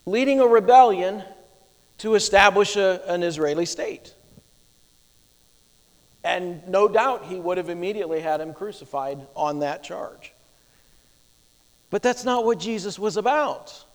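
A man's voice: high voice, a little slow. A male preacher delivering a sermon, teaching emphatically and asking rhetorical questions. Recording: long hall reverb.

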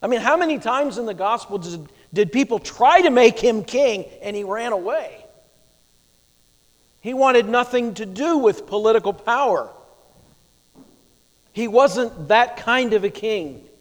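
A man's voice: extremely high pitch, lively intonation, measured pace, long pauses. A male preacher delivering a sermon, teaching emphatically and asking rhetorical questions. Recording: long hall reverb.

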